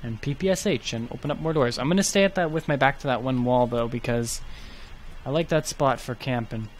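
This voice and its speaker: A man's voice: mid-range voice, a little fast, a little hiss or hum. Chatty man narrating his gameplay. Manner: chatty, thinking aloud. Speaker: gaming YouTuber. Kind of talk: let's play commentary.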